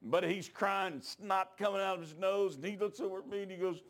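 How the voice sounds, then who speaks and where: A man preaching a revival sermon, telling folksy stories and building up to shouts. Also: sits high, a little fast. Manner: folksy rural talk that rises into shouting. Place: church.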